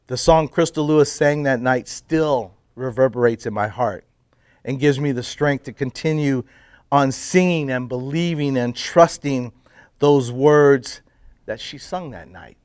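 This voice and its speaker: A middle-aged man telling his personal faith story to a men's group, drifting into hushed, emotional moments. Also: mid-range voice, a little slow, clear, resonant tone, no echo. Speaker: testimony speaker at men's breakfast.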